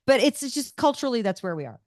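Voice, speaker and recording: A woman guest on a podcast, a comedian and cookbook author, telling stories in an animated, emphatic way. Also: on the high side, fast, no room sound, studio quality. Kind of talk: casual interview chat.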